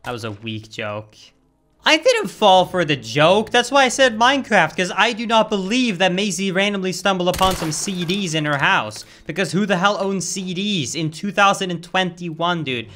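A man's voice: high voice, moderate pace. A young man streaming a speedrun who exclaims often and keeps saying "dude", with faint game music behind him. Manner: excitable, exclaims often, says "dude" a lot. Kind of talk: live gameplay commentary.

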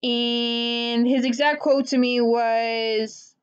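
A woman's voice: high-pitched, measured pace. A young woman casually telling a personal story as a podcast host, chatty and conversational. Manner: chatty, conversational, says "literally" and "like" often. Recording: dull lo-fi recording.

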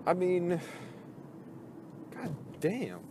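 A man's voice: high voice, wildly swooping pitch, very slow, dark tone, a little hiss or hum. A man ranting casually about a video game, frustrated and profane, rambling with lots of fillers and restarts. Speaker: gaming video host.

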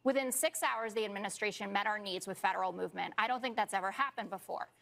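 A woman's voice: medium pitch, quick pace, creaky, a bit bright. A woman commentator in a heated cable-news debate, pressing her point over interruptions.

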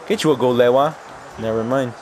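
A young man giving excited live commentary while playing a football video game, cheering his players and laughing often. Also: mid-range voice, fairly quick, faint music behind. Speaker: gaming YouTuber.

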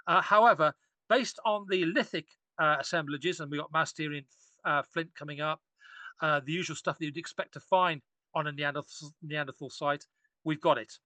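A man's voice: fairly high pitch, moderate pace, bright, forceful tone, no echo. A man, an archaeologist guest on a podcast, talking enthusiastically and rambling with frequent restarts. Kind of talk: casual podcast discussion.

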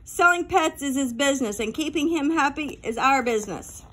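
A woman's voice: high voice, expressive, moderate pace, a bit bright. A woman reading an audiobook, voicing a bitter, sarcastic fifth-grade boy who snaps his lines. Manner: snappish and sarcastic.

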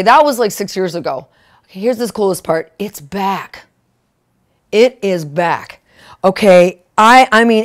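A woman preaching and telling a story in an excitable, animated way, breaking into shouted exclamations. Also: medium pitch. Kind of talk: storytelling sermon.

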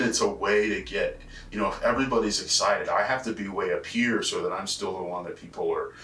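A man teaching a class in a casual, conversational way, often checking in with "right?" and pausing on "uh". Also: fairly low pitch, bright, forceful tone. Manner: conversational, frequent "right?" and "uh" fillers. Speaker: college instructor. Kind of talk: recorded lecture. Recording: roomy, distant mic with faint noise.

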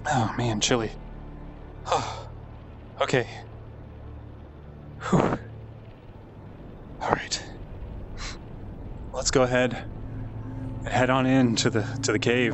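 A man's voice: mid-range voice, noisy background. A man commentating a live game stream, chatty and easily amazed, reading out and thanking viewers.

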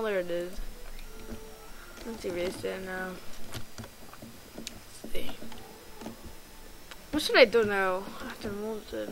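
A woman giving rambling, excitable let's play commentary while gaming, full of ums and restarts. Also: medium pitch, low-quality recording. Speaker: gamer.

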